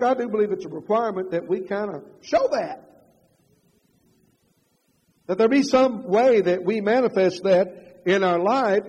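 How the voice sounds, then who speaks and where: An older man preaching a sermon, moving from loud emphatic passages to quiet confessional storytelling. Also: sits high, husky. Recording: dull reverberant hall.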